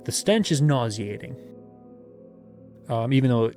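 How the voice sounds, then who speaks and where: A man's voice: mid-range voice, expressive, a little slow, dark tone, soft background music. Give me a man reading a gamebook aloud with playful, joking asides. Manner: playful, laughing asides while narrating. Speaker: game master reading a gamebook.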